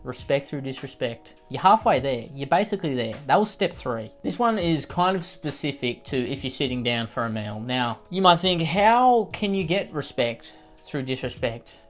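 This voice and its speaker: A man with a slightly nasal, snivelling voice giving mock-serious, condescending advice in a deadpan comedy monologue. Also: medium pitch, normal speed, few pauses, soft background music. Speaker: comedy sketch host.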